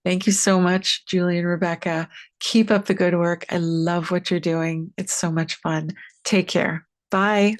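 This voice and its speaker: A woman telling a personal ghost story as a guest, lively and expressive, acting out the quoted lines. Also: on the low side, unhurried.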